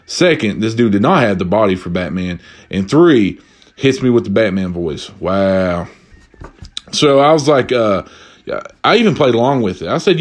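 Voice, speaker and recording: A young man telling a comedic story casually, profane and animated, jumping from high exclamations to low asides. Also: moderate pace. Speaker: vlogger.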